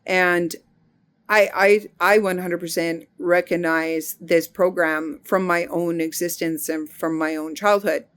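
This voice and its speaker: A middle-aged woman giving an earnest, unhurried spiritual monologue, often pausing to search for words. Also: lowish voice, steady tone, clear, resonant tone. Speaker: spiritual healing teacher.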